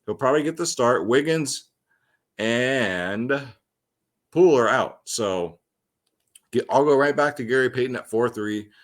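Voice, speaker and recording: Hosting a fantasy sports picks show, a young man chats loosely and slangily, peppering his casual breakdown with ums and tangents. His mid-range voice is expressive and unhurried, marked by long pauses.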